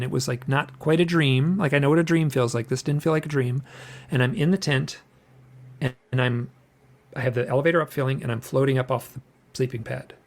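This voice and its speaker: Man, middle-aged, gravelly, rambling, repeats himself, acts out quotes. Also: medium pitch. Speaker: podcast guest recounting an experience. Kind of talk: casual storytelling.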